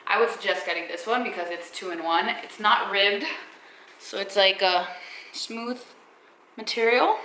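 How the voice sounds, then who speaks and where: A woman's voice: medium pitch, sharp tone, echoey room, a little hiss or hum, rough recording. A young woman filming a casual clothing try-on haul at home on her camera, chatty and upbeat, full of fillers. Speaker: fashion vlogger. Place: room at home. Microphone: camera mic.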